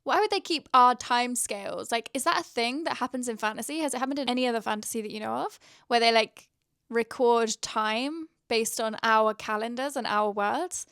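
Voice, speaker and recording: A woman's voice: fairly high pitch, brisk, fairly bright tone, clean tone, no room sound, studio quality. A young woman chatting casually in a reading vlog, gushing and rambling with lots of fillers. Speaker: book vlogger.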